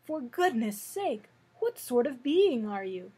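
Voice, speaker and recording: A woman's voice: on the high side, expressive, unhurried, slightly rough, heavily acted, low-quality recording. A woman voicing a boastful, haughty old male cab horse in a storybook read-aloud. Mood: indignant. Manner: haughty, demanding.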